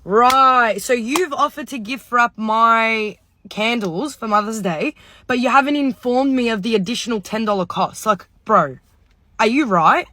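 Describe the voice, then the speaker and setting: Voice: medium pitch, measured pace, pushed and bright, no room sound. A speaker, telling a casual storytime rant about shopping, swearing and exasperated. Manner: exasperated, swearing, mimics others.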